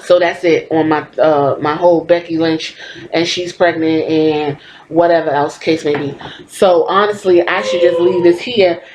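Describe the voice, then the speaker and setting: A woman's voice: deep voice, steady tone, normal speed, darkish tone, roomy sound, slight background noise, rough recording. A woman in her late thirties, hosting a podcast and giving blunt, profane, opinionated wrestling commentary from home. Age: 30s. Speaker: podcast host.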